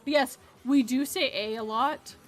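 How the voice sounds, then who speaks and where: A woman's voice: sits high, a little slow, soft background music. A woman hosting a casual chat, rambling and self-deprecating, often giggling. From Canada. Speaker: podcast host.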